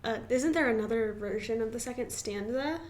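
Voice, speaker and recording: Playful higher-voiced woman co-host. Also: brisk, darkish tone. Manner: playful, joking reactions. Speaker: podcast co-host. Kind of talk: casual chat.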